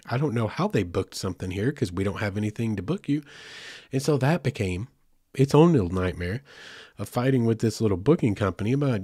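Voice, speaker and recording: A man's voice: on the low side, animated, a little fast, mellow, slightly rough, dry recording, studio quality. A man hosting a podcast, telling a road trip story in a loose, chatty way with many fillers and asides. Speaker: podcast host. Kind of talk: casual storytelling.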